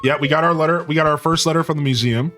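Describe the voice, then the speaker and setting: A man streamer giving excitable, casual gameplay commentary and talking to his chat. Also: fairly high pitch, racing, faint music behind. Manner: excitable, talks to chat, says "dude" a lot.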